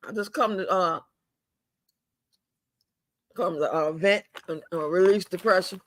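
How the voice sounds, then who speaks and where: An older man with a drawl vents on a live stream from home, profane and fuming, circling back to the same complaints and stretching some words out. His voice sits high and bright, with a sharp edge. The sound is dry and close, with no room echo. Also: a little slow. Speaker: livestream host. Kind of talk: angry venting live stream.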